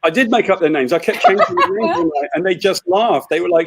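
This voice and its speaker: A British man, a comic book writer, chatting casually on a video call and telling animated anecdotes with a chuckle. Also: high-pitched, brisk, a little hiss or hum.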